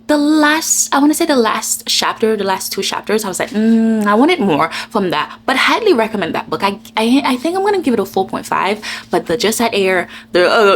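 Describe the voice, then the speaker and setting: Animated chatty woman book vlogger. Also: mid-range voice, a little hiss or hum. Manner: animated, gushing, acts out her own reactions; many fillers like "like". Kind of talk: casual chatty vlog review.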